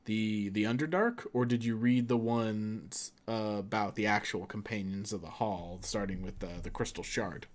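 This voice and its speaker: A man's voice: lowish voice, moderate pace, hardly any pauses. A man streaming a video game, chatting casually, rambling and laughing often. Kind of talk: casual gaming stream commentary.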